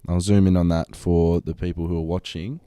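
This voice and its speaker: A man's voice: low voice, flat delivery, brisk, mellow, smooth, no room sound. A man, co-hosting a podcast and telling a story in casual chat. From Australia. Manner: storytelling, laid-back. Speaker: podcast co-host.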